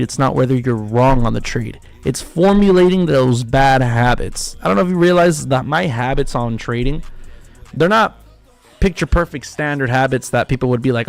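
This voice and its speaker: In a creaky, mid-range voice, a trading livestream host goes on a casual rant. He's emphatic and profane, hammering his points home by saying them again.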